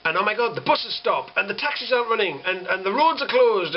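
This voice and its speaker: British man, young, sweary sarcastic rant, fairly high voice, dull lo-fi audio. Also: lively intonation, a little fast, background noise. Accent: British English. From Britain. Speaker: vlogger. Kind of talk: ranting monologue.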